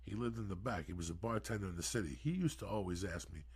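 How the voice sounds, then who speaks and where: A man's voice: low voice, quick pace, darkish tone, husky. A man in his sixties, a podcast guest telling long, profane, rambling stories in a casual way. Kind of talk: casual storytelling.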